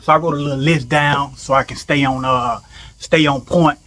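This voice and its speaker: A man's voice: mid-range voice, fairly even intonation, normal speed, a bit bright. A man hosting a mindfulness podcast, giving a loose, conversational motivational talk, blunt and salted with profanity, often checking in with the listener. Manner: loose and conversational, keeps asking "you know what I'm saying?".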